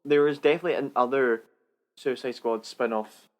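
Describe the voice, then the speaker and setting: A man's voice: mid-range voice, steady tone, fairly quick. A man co-hosting a casual film podcast, reading out the week's news in a rambling, hesitant way with many fillers. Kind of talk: casual chat.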